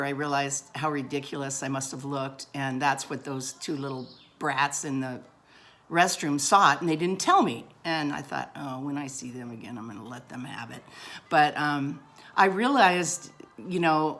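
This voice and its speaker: A woman's voice: low-pitched, a bit bright. A middle-aged woman telling a funny personal story in a chatty, self-deprecating way and laughing often. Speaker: vlogger.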